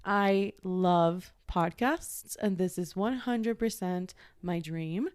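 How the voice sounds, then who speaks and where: Podcast host, woman from Ecuador, 30s, chatty and upbeat, smooth clear voice. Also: lowish voice, slow, darkish tone. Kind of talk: casual podcast chat.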